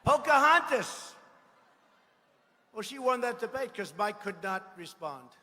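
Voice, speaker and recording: A man giving a rally speech, boastful and mocking, repeating himself and bursting into shouts. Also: high voice, expressive, moderate pace. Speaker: political speaker at a rally. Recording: echoey hall with faint ambience.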